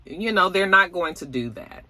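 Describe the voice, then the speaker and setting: A woman's voice: lowish voice, animated, normal speed, bright, forceful tone, no echo. A woman hosting a casual gossip commentary show, talking straight to her viewers in a chatty way with plenty of fillers. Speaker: YouTube celebrity gossip host.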